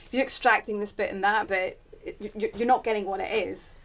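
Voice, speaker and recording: A woman's voice: mid-range voice, fairly even intonation, fairly quick. A woman researcher speaking on a panel, thinking aloud and searching for her words. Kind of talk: reflective panel discussion.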